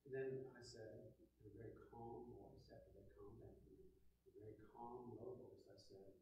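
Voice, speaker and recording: A middle-aged man teaching a church Bible class, telling stories earnestly and swinging from loud emphasis to hushed asides. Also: mid-range voice, fairly even intonation, brisk, far from the mic, slight background noise. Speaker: Sunday school teacher. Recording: very echoey church room.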